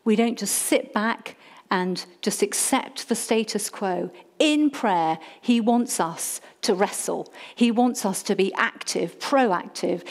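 A middle-aged woman church leader preaching a sermon, animated and humorous, calling on the congregation to repeat key words. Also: mid-range voice, a little slow.

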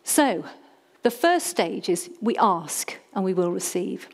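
A middle-aged woman preaching to her congregation with lively, humorous energy. She has an everyday mid-pitched voice and brings the room in by getting them to repeat words back to her. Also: slow. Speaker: church leader. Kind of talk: sermon.

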